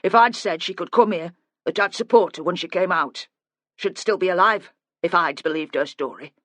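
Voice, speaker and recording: An audiobook narrator voicing a quiet, guilt-ridden older father who speaks hesitantly and plainly. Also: medium pitch, moderate pace, no echo, lightly acted. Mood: guilty. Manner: subdued, hesitant, plain-spoken.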